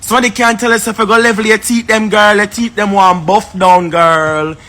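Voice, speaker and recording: A man's voice: sits high, little pitch movement, normal speed, bright, forceful tone. A man with a Jamaican accent, ranting on a live stream in a confrontational, repetitive, scornful way. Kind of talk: heated live-stream rant.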